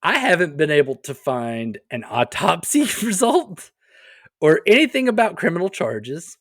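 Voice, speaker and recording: A man's voice: fairly high pitch, big pitch swings, unhurried, a bit bright, no room sound, clean studio sound. A man co-hosting a comedy podcast, telling stories casually with wry joking asides. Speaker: podcast co-host.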